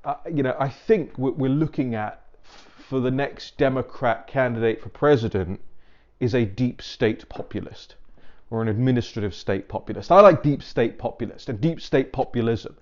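A man's voice: mid-range voice, normal speed. Man, mid-range voice, casual digressive commentator; dull home-mic sound. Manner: chatty, digressive storyteller who acts out dialogue. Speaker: political commentator.

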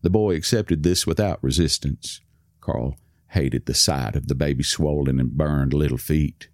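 A man with a low, deep voice reads a story aloud in a calm, measured way. The recording is dry and close, with no echo. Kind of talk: scripted narration.

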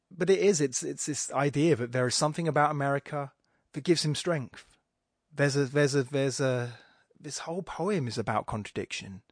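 A man's voice: medium pitch, dry recording, studio quality. Rambling man reading poetry. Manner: rambling, self-interrupting, digressive. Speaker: poetry podcast host. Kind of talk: casual commentary and poetry reading.

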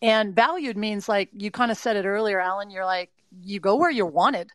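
A woman's voice: mid-range voice, moderate pace, no echo, low-quality recording. A middle-aged woman from California, an interview guest giving earnest, emphatic mindset advice to athletes, full of "you know" fillers. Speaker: mindset and performance adviser. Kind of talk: interview guest, motivational talk.

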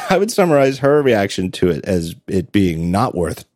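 A middle-aged man with a deep voice that rises and falls a lot chats casually for a podcast. He laughs often and restarts his sentences as he goes. The sound is dry and close to the mic. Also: lively intonation, takes it slowly, a little mellow, no room sound. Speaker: podcast guest.

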